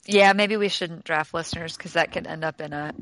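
A woman's voice: lowish voice, steady tone, a little fast, a bit bright, dry recording, low-quality recording. A woman co-hosting a podcast in casual chat, teasing and laughing often. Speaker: podcast co-host.

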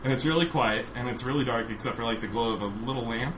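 A man's voice: mid-range voice, quick pace. A man casually telling a funny story on a podcast, laughing often as he goes. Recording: noisy recording.

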